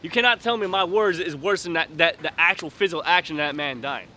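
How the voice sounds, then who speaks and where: A man preaches outdoors in a high, bright, forceful voice. His speech is blunt and emphatic, in rough street vernacular. Faint traffic hums behind him. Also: fast.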